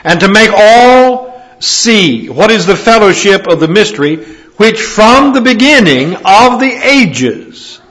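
A male preacher delivering a sermon, reading scripture aloud in a measured, emphatic way. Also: sits high, fairly bright tone.

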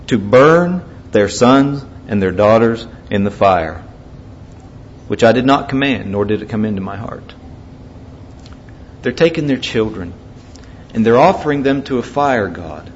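A male preacher delivering a sermon, swinging from loud, emphatic scripture reading to quiet, grave warnings. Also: on the low side, moderate pace. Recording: dull lo-fi recording.

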